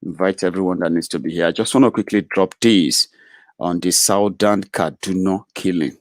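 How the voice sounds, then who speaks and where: Low-voiced man hosting, halting and dry. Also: no echo. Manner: halting, full of "uh" fillers and restarts. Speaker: host of a political web show. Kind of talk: live broadcast commentary.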